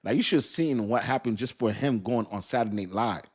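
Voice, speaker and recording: A middle-aged man chatting casually on a livestream, animated, laughing often and cursing as he mocks a commenter. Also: medium pitch, a little fast. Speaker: crypto livestream host.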